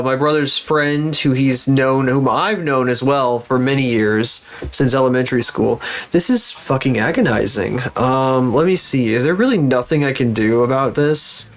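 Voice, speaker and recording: A man streaming live as a VTuber, rambling and cursing in frustration while still recovering from being sick. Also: medium pitch. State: recovering from illness. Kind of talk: casual live-stream chat.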